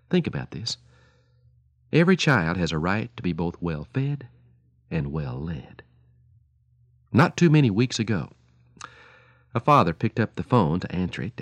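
A male radio preacher speaks in a low voice that rises and falls with feeling as he tells stories and pleads earnestly with mothers and fathers. His delivery is animated and full of expression, and the sound is dry and close, with no room around it. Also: no echo.

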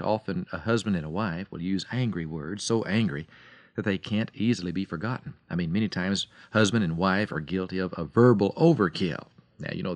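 A man giving a radio devotional talk as a preacher, telling stories dramatically and swinging between loud and soft delivery. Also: sits low, no echo.

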